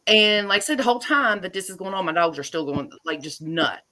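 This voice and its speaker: A woman, a homeowner and guest, telling her story in casual, animated talk on a video call. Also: medium pitch, brisk. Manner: chatty, animated retelling with laughs.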